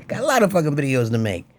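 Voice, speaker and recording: Rambling, crude male vlogger. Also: a little high. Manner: rambling, crude and boastful, laughs a lot. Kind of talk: casual monologue to camera.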